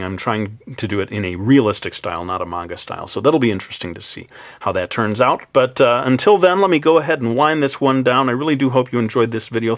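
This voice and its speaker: A man with a fairly low voice talks viewers through a drawing tutorial. His delivery is relaxed and chatty, often pausing on filler sounds and poking fun at himself. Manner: relaxed, chatty, frequent "uh" fillers, self-deprecating. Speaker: drawing instructor.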